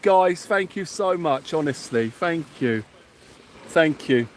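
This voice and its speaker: Outdoors by the sea on a very noisy night, a man hosts a fishing livestream in a slightly high voice with lively intonation and a slow pace. He's effusive and excited, thanking viewers by name.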